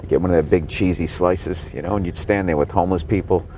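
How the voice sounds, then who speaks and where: A man's voice: low-pitched, fairly even intonation, fast talker, darkish tone. A man in his forties, a stand-up comedian, slightly sick, ranting sarcastically and profanely while riding in the back of a cab. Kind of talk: ranting tour commentary from a cab. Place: back seat of a cab in city traffic. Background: faint traffic noise.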